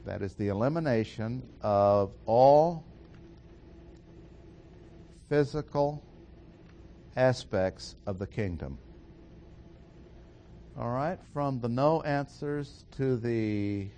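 Slow, deliberate man preaching. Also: medium pitch, warm tone, a little hiss or hum. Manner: slow, deliberate, emphatic with pauses. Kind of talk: sermon teaching.

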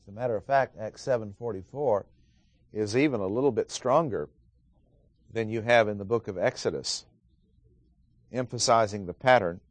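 A man's voice: fairly low pitch, normal speed, long pauses, no echo. A man teaching a Bible study lecture, methodically stressing key words as he reads scripture aloud, with frequent "uh" fillers between thoughts.

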